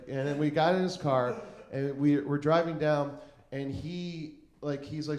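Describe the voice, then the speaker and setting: Rambling stand-up comic with a higher voice. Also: male voice, fairly even intonation, normal speed, darkish tone, echoey room. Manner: rambling, self-mocking, full of "like" and restarts. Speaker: stand-up comedian. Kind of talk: stand-up storytelling. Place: comedy club stage.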